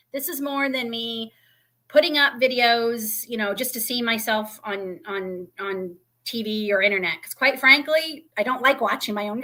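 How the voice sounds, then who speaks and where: A woman chats live to her viewers from beside a fireplace at home. Her voice sits a little high and sounds bright and clear. She rambles warmly and emotionally, full of ums and heartfelt thanks. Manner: emotional, grateful, rambling with fillers. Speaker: homestead channel host. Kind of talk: casual livestream chat to viewers. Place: indoors by a fireplace.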